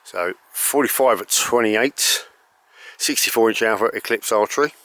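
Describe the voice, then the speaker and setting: A man hosting an archery channel, talking casually and rambling with many ums and self-corrections while reviewing a bow outdoors in bright sun. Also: on the low side, moderate pace. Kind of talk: casual unscripted gear review.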